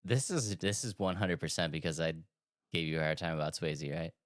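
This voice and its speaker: Man, podcast co-host, fairly low voice, playful teasing, upbeat. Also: brisk, no room sound, studio quality. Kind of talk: casual chat.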